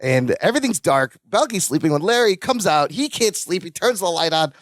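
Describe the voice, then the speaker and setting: Animated woman laughing through a sitcom recap. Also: on the low side, a little fast, no room sound. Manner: animated, laughs often, acts out quoted lines. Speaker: podcast co-host. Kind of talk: casual chat recapping a sitcom.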